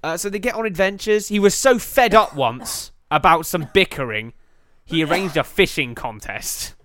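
A man's voice: high-pitched, lively intonation, normal speed, bright, forceful tone, dry recording. A man co-hosting a casual comedy podcast, riffing and laughing as he goes and swearing freely. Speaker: podcast co-host.

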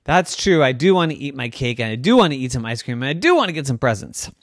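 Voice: mid-range voice, very animated, fast talker, dry recording, studio quality. A storyteller voicing a stubborn six-year-old girl who insists she will not turn seven, in an improvised bedtime story. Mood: insistent. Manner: insistent, whiny, repeats "no".

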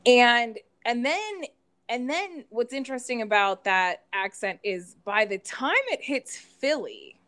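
A woman's voice: fairly high pitch, expressive, unhurried, a bit bright. A woman from the Pittsburgh area, co-hosting a podcast in casual chat and laughing often. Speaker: podcast co-host.

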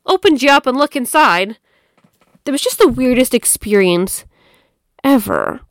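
A woman's voice: on the high side, dry recording, studio quality. A young woman hosting a casual, candid chat, tired and cursing freely as she sips wine. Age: young adult. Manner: candid and profane, laughing, drinking wine. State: tired, yawning. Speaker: podcast host.

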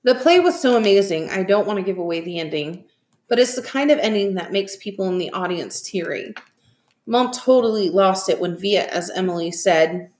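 A woman reading a novel aloud in an expressive, animated way. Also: mid-range voice, normal speed. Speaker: reader. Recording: echoey room.

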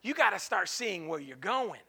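A male pastor preaching an impassioned sermon in a church, dropping to a hush and then breaking into shouts, with repeated call-and-response lines. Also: sits high, big pitch swings, moderate pace, vocal fry, breathy edge. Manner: repetitive call-and-response phrasing.

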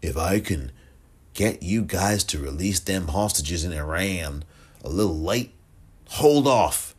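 A man putting on the voice of an older male politician making a sly backroom promise, speaking low and half-whispered. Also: expressive, slow, a little mellow, husky, full character voice. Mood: conspiratorial.

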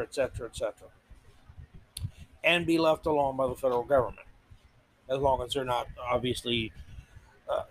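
A man's voice: mid-range voice, no echo, low-quality recording. A middle-aged man hosting a podcast, delivering a combative, sarcastic opinion monologue. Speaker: podcast host.

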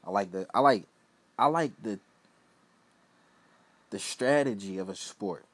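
Rambling young Philly man, low voice. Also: lively intonation, a little slow, dry recording. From Philadelphia. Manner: loose, rambling, drops into low mumbled asides. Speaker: podcast host. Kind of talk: casual solo monologue.

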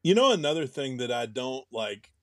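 Young guy co-hosting a podcast, rambles and restarts a lot, medium pitch, dry mic. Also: big pitch swings, moderate pace, a bit bright, no room sound. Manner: rambling, musing, with frequent restarts. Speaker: podcast co-host. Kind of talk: casual chat.

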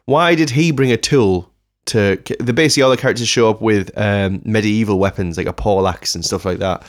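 A man's voice: on the low side, brisk. A man co-hosting a casual film podcast, telling stories chattily. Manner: chatty, animated storytelling. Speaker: podcast co-host. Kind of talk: casual film review chat.

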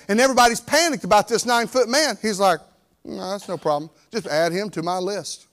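A man in his forties, a pastor, preaching a lively sermon and acting out the story's characters, moving from loud to quiet. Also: high-pitched. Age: 40s.

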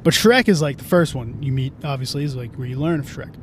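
A man's voice: animated, fast. A man hosting a casual podcast from a moving car, rambling and swearing, often restarting his sentences. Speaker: podcast host. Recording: faint car rumble.

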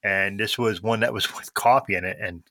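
A man hosting a podcast in casual chat, joking and quick to laugh. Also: on the low side, fairly even intonation, fairly bright tone, no room sound. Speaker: podcast host.

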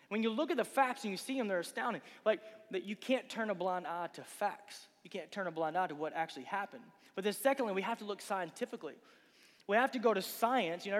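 A man preaching a casual youth sermon, asking the crowd rhetorical questions and acting out quick voices. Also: high voice. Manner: acts out voices of Bible figures and listeners. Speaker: youth pastor. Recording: long hall reverb.

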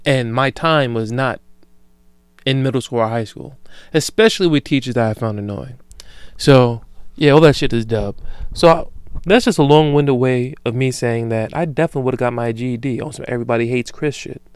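A man in his thirties hosting a solo podcast, rambling through profane, animated stories full of imagined dialogue and growing loud when worked up. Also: medium pitch, normal speed, clear, resonant tone, no echo. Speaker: podcast host.

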